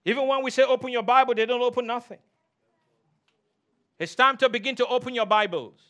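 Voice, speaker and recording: A pastor preaching with a high, bright, forceful voice. He drives his points home by repeating key lines and slowing down on them. He calls out for the congregation to answer him. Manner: emphatic preaching with call-and-response; repeats key phrases, slows for emphasis. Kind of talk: sermon.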